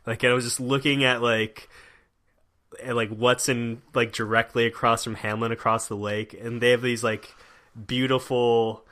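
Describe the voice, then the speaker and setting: A man's voice: mid-range voice, flat delivery, moderate pace, pushed and bright. A young American man in casual chat, rambling with lots of fillers and restarts. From United States.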